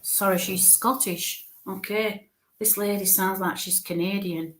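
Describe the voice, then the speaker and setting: A woman medium giving a live reading, speaking haltingly, searching for words, repeating phrases and often checking in with the listener. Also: medium pitch, fairly even intonation, a little hiss or hum. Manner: searches for words mid-sentence. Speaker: spiritualist medium.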